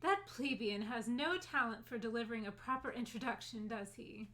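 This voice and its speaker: A woman's voice: on the high side, moderate pace, a bit bright, lightly acted. A woman reading the lines of a fancy, condescending female ghost expert in a game, with a drawling, posh manner. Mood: haughty. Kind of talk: reading game dialogue aloud.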